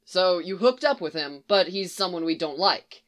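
A woman's voice: fairly low pitch, expressive, normal speed, lightly acted. Brief: woman voicing a brash, teasing young man in a story reading. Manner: teasing, loud chanting.

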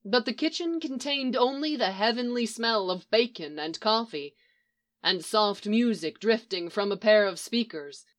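A woman's voice: a little high, expressive, unhurried. Woman narrating a story steadily. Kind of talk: audiobook narration of fan fiction.

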